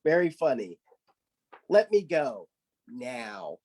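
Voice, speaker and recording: A man voicing a hotheaded male rabbit trickster who shouts in loud, exasperated bursts. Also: very animated, takes it slowly. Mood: grumbling. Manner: loud, exasperated, high-pitched outbursts.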